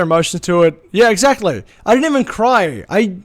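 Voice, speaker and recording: A man streaming live, chatting casually with viewers, ranting animatedly with plenty of swearing and quick apologies. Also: high-pitched, very animated.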